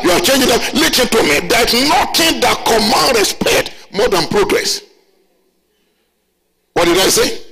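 A man preaching a sermon. He calls out to the congregation for responses, stretches out repeated phrases, and builds up to shouted declarations. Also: high voice, rough recording. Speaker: pastor.

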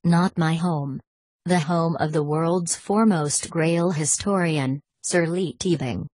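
A woman reading the lines of a calm, cunning male French manservant, speaking quietly and assuredly with a French accent. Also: deep voice, takes it slowly, husky, no room sound, heavily acted.

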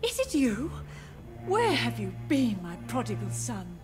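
Sad old mom, soft and wistful, kinda high voice, faint music. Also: female voice, wildly swooping pitch, a little slow. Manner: gentle, wistful. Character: older grieving mother, gentle and confused.

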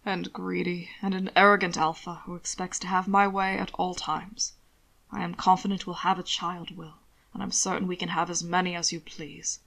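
A woman reading as a murmuring, gravelly arrogant alpha lover. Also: level tone, a bit bright. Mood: tender. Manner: slow, low and murmuring. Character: low-voiced, possessive, arrogant male alpha lover.

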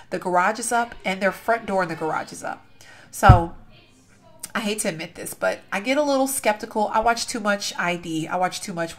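Young woman host, casual game commentary, gushing and rambling, easily sidetracked. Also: mid-range voice. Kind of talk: casual gameplay commentary and storytelling.

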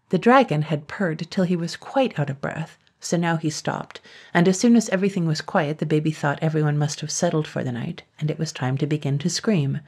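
A woman narrating a classic children's story in a calm, even storytelling manner. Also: sits low, brisk, breathy edge. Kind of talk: scripted narration.

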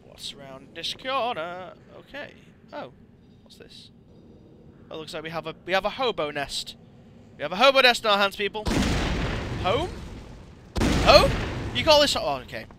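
A man giving excitable gameplay commentary as a let's play host, yelping and swearing at the game. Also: high voice, fairly quick, background noise.

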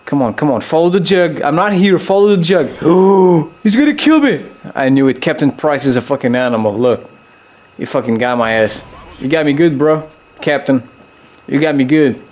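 A young man gives loose, excitable gameplay commentary at normal speed, swearing freely and breaking into high yelps.

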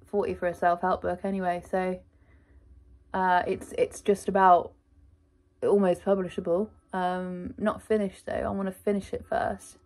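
A woman's voice: mid-range voice, level tone, slow, darkish tone. A woman vlogger talking casually to camera in a rambling, chatty, self-deprecating diary style.

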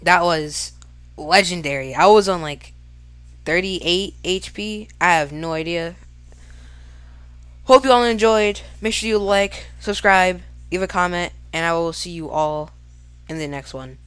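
A woman giving live gameplay commentary, excitable and casual, talking to herself and shouting at big plays. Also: on the low side, a little slow, smooth, no room sound. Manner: casual slang, talks to self while fighting. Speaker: gaming YouTuber.

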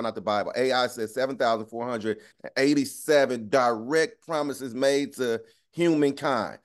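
Slangy preacher man, constant "right?". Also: medium pitch. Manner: conversational, keeps asking "right?"; slangy, laughs often. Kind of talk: casual street-talk sermon.

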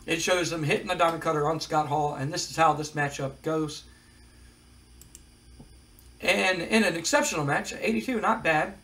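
A male game commentator casually runs through a wrestling management game, reading scores aloud with wry asides. He talks at a normal speed but pauses often, in a fairly high, fairly bright voice, and the recording is low quality.

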